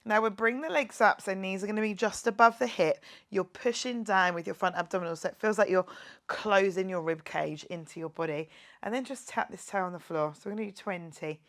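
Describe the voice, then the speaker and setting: A woman talks fairly quickly in a medium pitch while leading a guided workout class. The instructor is full of jokes, counting each rep aloud and cheering her audience along.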